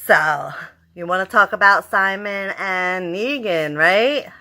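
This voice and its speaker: A woman giving a casual, rambling episode review in a vlog, talking excitedly and swearing freely. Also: medium pitch, takes it slowly. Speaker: TV show reviewer.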